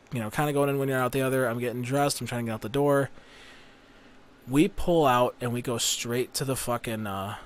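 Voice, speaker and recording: Profane ranting man, bright voice. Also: medium pitch. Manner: profane, ranting storyteller who rises to shouting. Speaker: podcast host. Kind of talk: casual storytelling chat.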